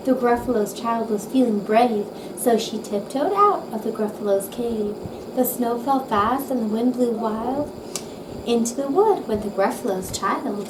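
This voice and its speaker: A woman calmly reading a rhyming children's picture book aloud. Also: a little high, unhurried. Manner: calm, gentle, rhythmic reading. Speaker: storybook reader. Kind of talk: bedtime story reading aloud. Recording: roomy, distant mic with background noise.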